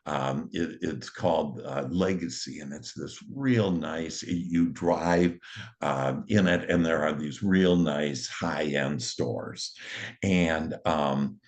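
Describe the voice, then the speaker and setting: A bass-voiced man who is an author and motivational speaker tells a cheerful anecdote in a relaxed way, taking his time. He chuckles often and keeps the mood upbeat.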